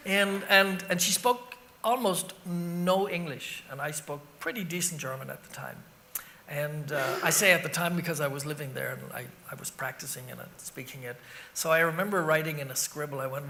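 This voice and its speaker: A middle-aged Irish man, a rock singer being interviewed, telling animated stories that wander off on tangents and act out scenes with sound effects. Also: fairly high pitch, moderate pace, slight background noise. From Ireland. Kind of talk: anecdotal interview storytelling.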